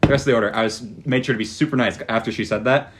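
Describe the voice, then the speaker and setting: A man's voice: mid-range voice, fairly even intonation, rapid-fire. A young man hosting a podcast, retelling a story in casual chat with rambling restarts. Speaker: podcast host.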